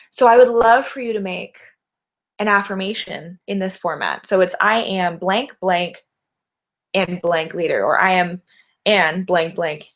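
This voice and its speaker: A woman's voice: mid-range voice, fairly bright tone. A middle-aged woman life coach, talking alone to a camera in an encouraging way and often asking her listeners rhetorical questions. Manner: encouraging, asks many rhetorical questions with tag "right?".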